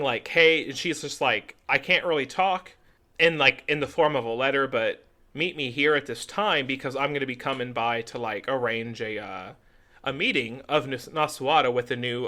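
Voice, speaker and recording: A young man co-hosting a podcast chats casually, acting out characters as he retells a story. He speaks at a normal pace, medium in pitch, and his voice comes across pushed and bright.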